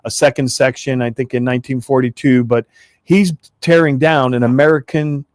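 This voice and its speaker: A man's voice: mid-range voice, fairly even intonation, normal speed, darkish tone, no room sound, clean studio sound. A man co-hosting a talk show, earnest and asking callers questions. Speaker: co-host. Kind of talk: casual radio talk.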